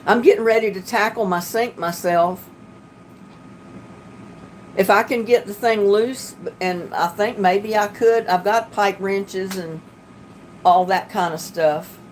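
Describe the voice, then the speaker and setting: A woman's voice: mid-range voice, steady tone, slow, a little hiss or hum. An older woman hosting a casual home livestream, chatting with viewers in a homey, easygoing way. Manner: chatty, homey, talks about fixing things herself. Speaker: livestream host. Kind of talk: casual chat reading viewer comments.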